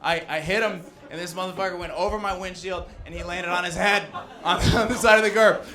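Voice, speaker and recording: Working a crowd that laughs along in the basement of a loud bar, this young adult man performs a brash, profane stand-up set. His high voice stays steady, brisk, pushed and bright, recorded live.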